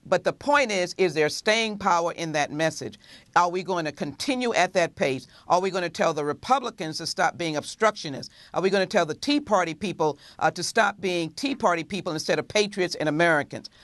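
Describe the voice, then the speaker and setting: A woman legislator gives a measured television interview answer, pausing often to gather her words. Her voice is recorded close and dry, with no room sound at all. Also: fairly low pitch, lively intonation, fairly bright tone, no echo. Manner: measured, many filler pauses. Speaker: congresswoman.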